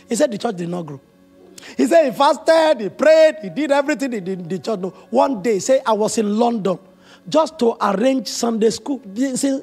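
A man preaching a sermon as pastor, telling stories with emotional, animated quoted dialogue. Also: very high-pitched, brisk, vocal fry, breathy edge, faint music behind.

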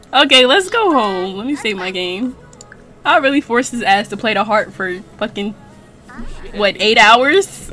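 Young woman let's-player, high-ish voice, chatty and teasing, game music low underneath. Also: sharp tone. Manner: chatty and playful, laughs often, reads in-game text aloud; casual slang and swearing. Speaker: let's play gamer. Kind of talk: casual gameplay commentary.

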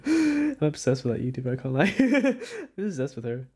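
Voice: medium pitch, huge pitch swings, measured pace, a little mellow, husky. A young adult streamer chatting casually with live chat while drawing, rambling and often breaking into giggles. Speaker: livestreamer.

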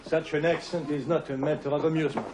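An actor with a French accent playing a precise, easily exasperated middle-aged tutor in a 1980s television drama. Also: male voice, on the high side, steady tone, fast, natural voice. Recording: noisy 1980s TV soundtrack.

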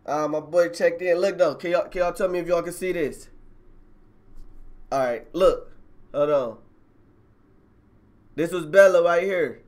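Casual male streamer, a touch high-pitched, loose slangy storytelling to his audience over a phone mic. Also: measured pace, pauses often. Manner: slangy, rambling, addresses viewers directly. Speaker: live streamer telling a personal story.

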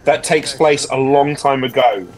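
A man's voice: mid-range voice, steady tone, a little slow, over music. A man chatting bluntly and jokingly with friends while gaming, swearing along the way. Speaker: streamer guest. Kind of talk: casual gaming chat. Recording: crowd noise clearly behind.

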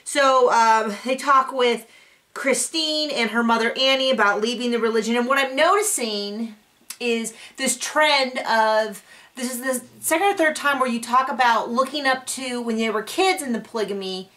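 A woman's voice: on the high side, moderate pace, sharp tone, far from the mic. A young woman recapping a reality TV episode in casual commentary, sarcastic and exasperated, now and then mocking people in put-on voices. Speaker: recap reviewer.

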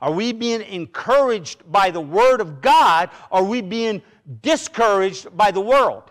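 A man's voice: high voice, expressive, measured pace. A middle-aged man preaching a sermon in a church, talking conversationally with personal stories and frequent restarts. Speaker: pastor. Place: church sanctuary.

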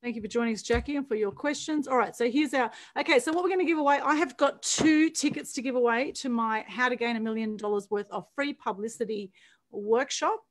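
A woman hosting an online meetup over a video call, bubbly and quick to laugh and praise. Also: on the high side. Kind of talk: casual group video call chat.

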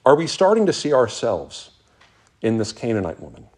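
Male pastor, sermon, earnest delivery, dramatic pauses, lively rising and falling pitch. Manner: earnest, reads scripture aloud with dramatic pauses.

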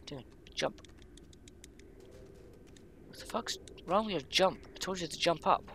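Gravelly, swearing man gaming. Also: high-pitched, a little fast, slight background noise. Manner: swears a lot, yells at the game. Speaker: let's play gamer. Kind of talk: casual gameplay commentary.

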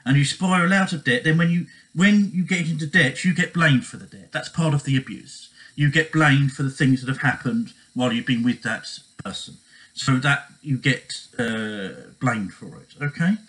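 A man's voice: mid-range voice, normal speed, a bit bright, poor audio. A man giving relationship advice in a casual monologue, earnest and repetitive, often checking in with "okay?".

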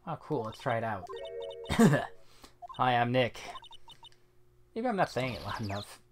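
A man's voice: mid-range voice, big pitch swings, unhurried, slight background noise. A man streaming a game, casually joking and reading its dialogue aloud with frequent laughter.

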